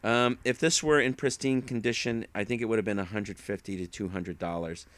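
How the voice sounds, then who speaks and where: A man's voice: on the low side, steady tone, a little fast, fairly bright tone, no room sound. A man chatting casually as an online reseller, rambling through stories and acting out what people said. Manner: rambling storyteller who acts out quotes. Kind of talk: casual chat.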